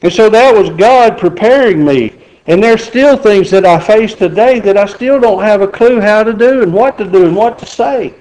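A man's voice: high voice, normal speed, a little mellow, low-quality recording. A middle-aged man preaching a sermon in a folksy, joking way. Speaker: pastor.

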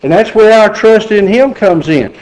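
A man's voice: sits high, expressive, normal speed, darkish tone, rough recording. A middle-aged man preaching a sermon in a folksy, joking way. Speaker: pastor.

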